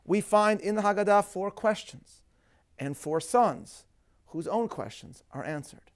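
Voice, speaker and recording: A man with a fairly high voice speaks as a rabbi in a scripted lecture. His delivery is measured and emphatic, with Hebrew terms dropped in along the way. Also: expressive. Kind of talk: scripted lecture on a religious festival.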